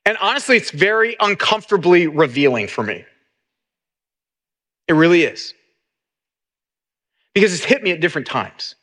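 Bright high-voiced man preaching. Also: lively intonation, moderate pace, long pauses. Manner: earnest, repeats words as he restarts. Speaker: pastor. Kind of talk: sermon.

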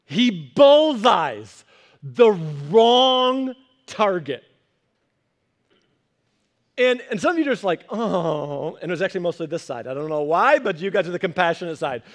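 High-voiced animated young man preaching. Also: quick pace, hardly any pauses. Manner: animated, conversational preaching with acted-out quotes. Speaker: pastor. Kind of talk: sermon.

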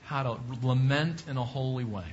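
A man's voice: mid-range voice, normal speed, muffled recording, slight background noise. A man teaching a Bible class, preaching emphatically and repeating points with rising questions.

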